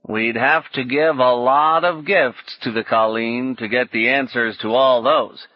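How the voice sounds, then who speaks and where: A man voicing a thoughtful, grave man who speaks slowly and meaningfully. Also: medium pitch, steady tone, no room sound, natural voice. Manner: slow, deliberate, meaningful. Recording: dull lo-fi recording.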